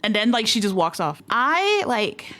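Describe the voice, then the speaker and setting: A young woman doing casual let's-play commentary, chatty and quick to swear and laugh. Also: fairly high pitch, sing-song, fairly bright tone. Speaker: game streamer.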